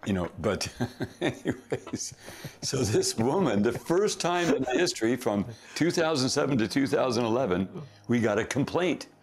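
A middle-aged man, a company founder, telling stories in a casual, animated way, often laughing at himself. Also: mid-range voice, normal speed. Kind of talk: casual anecdotal storytelling.

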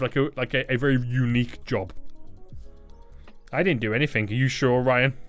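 A man's voice: mid-range voice, fairly bright tone. A young man doing playful, teasing livestream commentary while he plays a game and reads out donations. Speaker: gaming YouTuber reading donations.

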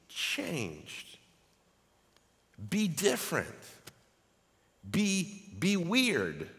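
A man's voice: mid-range voice, a little slow. Preaching man in a reverberant church. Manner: animated preaching, reading scripture aloud. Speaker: pastor. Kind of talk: sermon. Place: church sanctuary. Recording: long hall reverb.

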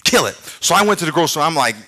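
A middle-aged man preaching a sermon as pastor, telling a story with shouted sound effects and playful, self-mocking humor. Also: on the high side, animated, rapid-fire. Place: large church.

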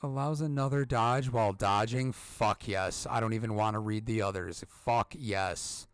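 Sarcastic, foul-mouthed gamer dad. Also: male voice, fairly low pitch, normal speed, smooth, no room sound, faint music behind. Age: middle-aged. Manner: profane, sarcastic, laughs at his own jokes. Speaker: let's-play streamer. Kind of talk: gameplay commentary.

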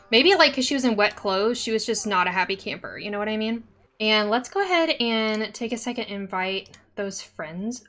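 Chatty young woman streaming a game. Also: a little high. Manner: chatty, excitable, talks to the game characters. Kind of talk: casual gameplay commentary.

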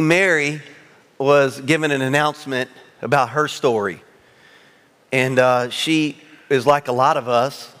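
A male pastor preaching a sermon to his congregation, telling funny personal stories with lively, self-mocking humor. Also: medium pitch, long reverb tail. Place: large church sanctuary.

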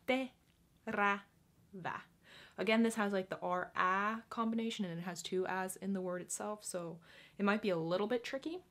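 A young woman giving a casual pronunciation lesson, patiently repeating each word slowly and carefully. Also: medium pitch, fairly bright tone. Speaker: language teacher.

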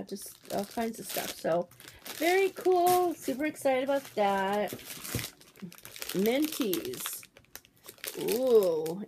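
A woman in her forties, opening a package on a casual vlog, talking excitedly with lots of fillers. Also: medium pitch, a little hiss or hum. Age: 40s. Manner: gushing, excitable, trails off with fillers. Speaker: YouTuber opening a mail package.

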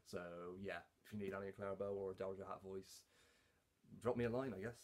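Halting, low-voiced man chatting casually. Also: fairly even intonation, slight background noise. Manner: halting, with many fillers and restarts. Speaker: hobby voice actor. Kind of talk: casual talk to camera.

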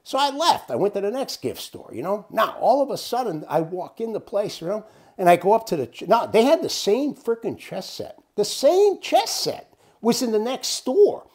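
Storyteller, male, husky voice, very animated, salty language, casual yarn-spinning. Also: normal speed. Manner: animated, swears freely, wide swings in pitch. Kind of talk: casual anecdote telling.

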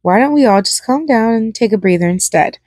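A woman's voice: on the high side, lively intonation, a little fast, darkish tone, no echo, studio quality. A woman voicing a nervous young woman who speaks in a hesitant, pleading way.

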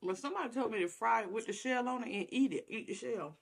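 Talking fast in a gravelly, husky voice that sits a little high, a woman vlogger enjoys a meal on camera for her mukbang audience. She chats casually while chewing and relishes each bite.

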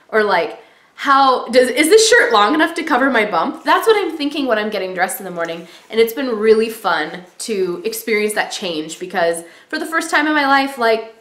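A woman's voice: mid-range voice, a bit bright. A young pregnant woman vlogging in a casual, chatty way, full of "like" and "you know.". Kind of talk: casual chat. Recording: echoey room.

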